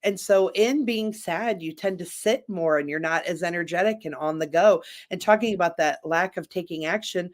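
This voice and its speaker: A man's voice: high voice, normal speed, few pauses. A man speaking as a guest in a candid, casual chat, rambling with frequent restarts.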